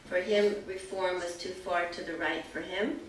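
An older woman sharing her personal story at a community evening, in a brisk, matter-of-fact way. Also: lowish voice, steady tone, slight background noise. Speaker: speaker at a community evening, wife of the first speaker. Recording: echoey hall, far from the mic.

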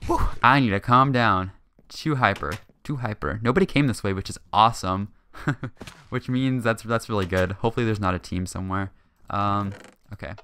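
A young man talking through his own game session in a chatty, hyper way, full of ums and quick laughs. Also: fairly low pitch, fairly bright tone, clean tone. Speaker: gaming channel host. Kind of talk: gameplay commentary.

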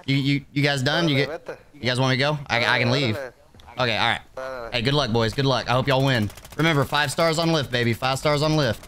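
A man streaming a video game, talking excitedly in voice chat and often yelling and pleading. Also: mid-range voice, fairly quick. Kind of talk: gameplay commentary in voice chat. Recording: game sounds and chatter behind the voice.

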